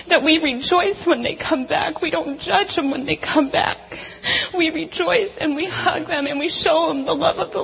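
A woman's voice: high-pitched, creaky, big-room sound, muffled recording. A woman in the congregation reading a Bible passage and sharing a heartfelt word with the church, emotional and close to tears. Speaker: church member sharing a scripture. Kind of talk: scripture reading and testimony.

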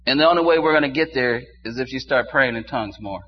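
An older man preaching a sermon to his congregation, dropping low and quiet and then rising into loud exclamations. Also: quick pace. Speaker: pastor. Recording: dull muffled sound with faint hum.

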